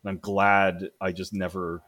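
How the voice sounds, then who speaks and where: A man in casual conversation, telling work stories in an animated way, acting out quotes and swearing freely. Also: low voice, a little slow. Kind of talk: casual chat.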